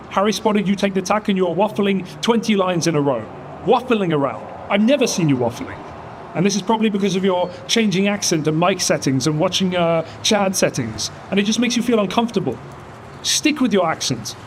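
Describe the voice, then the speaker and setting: A man's voice: high voice, slight background noise. A man in a comedy sketch, frustrated, casually scolding a colleague with slang.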